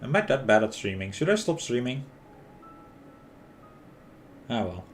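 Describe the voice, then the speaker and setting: A man's voice: mid-range voice, big pitch swings, measured pace, slight background noise. A man casually commenting and joking over a video game as a streamer. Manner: chatty, joking, laughs often.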